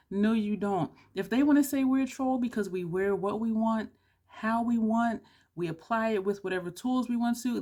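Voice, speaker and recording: A woman beauty vlogger chatting excitedly to camera, loud and playful, dropping "y'all" and the odd curse. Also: mid-range voice. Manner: loud, excitable, says she is yelling; drawling, southern-style "y'all" chatter, playful cursing. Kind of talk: excited casual chat to camera.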